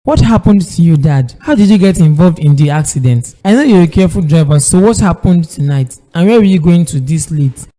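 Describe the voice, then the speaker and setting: An actor voicing a worried, grieving young son in a cartoon drama, with a Nigerian accent and a distressed, pleading way of speaking. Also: male voice, fairly high pitch, expressive, fairly quick, hardly any pauses, mellow, big-room sound, lightly acted. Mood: distraught. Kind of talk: cartoon voice acting.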